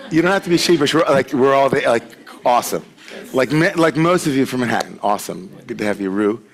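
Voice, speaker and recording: A man of medium pitch leads a Friday service, greeting newcomers and reading out announcements. He keeps it loose and chatty, joking with the room and leaning on filler words. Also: animated, quick pace, creaky. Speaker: service leader at a congregation. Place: sanctuary with a congregation present.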